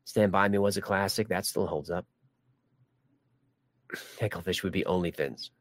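A man's voice: deep voice, normal speed, no echo. A man hosting a live stream, chatting casually and joking while reading viewer comments. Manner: rambling, jokey, many restarts. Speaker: livestream host.

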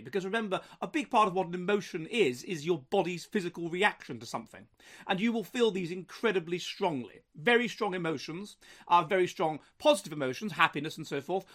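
A man's voice: high voice, fairly bright tone. A man hosting his own commentary vlog, lecturing emphatically with frequent restarts. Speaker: host.

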